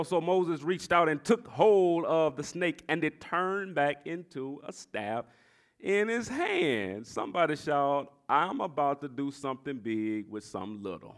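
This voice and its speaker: A male pastor preaching a sermon in a church, telling a story and repeating phrases as he builds to shouts. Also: fairly high pitch, lively intonation, measured pace.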